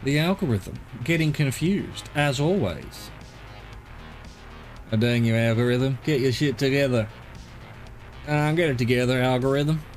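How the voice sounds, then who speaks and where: A man's voice: medium pitch, unhurried, long pauses, faint music behind. A man streaming a flight game, rambling playfully to himself and chatting to the scenery below. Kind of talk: casual live-stream commentary.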